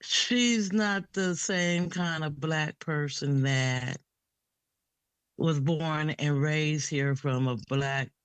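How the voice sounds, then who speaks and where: A woman's voice: drawn-out words, clear, resonant tone, no echo. Woman caller, defensive, talks over the host, dry close sound. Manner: talks over the host, defensive, rising pitch when pressed. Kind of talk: heated call-in argument.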